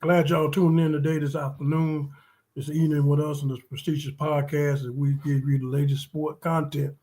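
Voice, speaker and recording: A man's voice: fairly high pitch, little pitch movement, fairly quick, warm tone. A man from North Carolina co-hosting a sports podcast, talking casually and emphatically with many ums and repeats. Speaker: podcast co-host.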